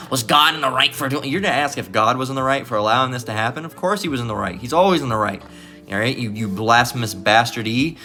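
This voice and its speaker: Bright-voiced man reading scripture aloud. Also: mid-range voice. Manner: reads archaic scripture with stumbles and rereads, breaks in with blunt asides; peppers remarks with "all right?". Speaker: preacher. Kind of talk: Bible reading with commentary.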